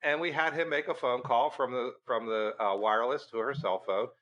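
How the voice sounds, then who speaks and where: A middle-aged man and guest on a podcast, telling a story in a lively way and acting out the dialogue. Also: mid-range voice, a little fast, dull audio. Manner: animated storyteller, acting out quoted dialogue with laughs. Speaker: research center director, guest.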